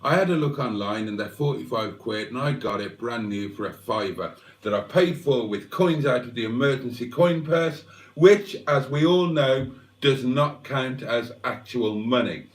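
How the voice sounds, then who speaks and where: A man's voice: mid-range voice, animated, moderate pace. Chatty man, roomy distant sound. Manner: chatty, wry, self-mocking, frequent throat-clearing. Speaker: livestream host. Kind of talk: rambling casual chat to viewers.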